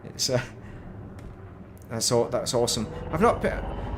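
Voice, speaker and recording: A man's voice: mid-range voice, expressive, normal speed, noisy background. A man casually commentating while he plays a space game, rambling and breaking off mid-sentence. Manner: rambling, self-interrupting, chatty. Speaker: game streamer.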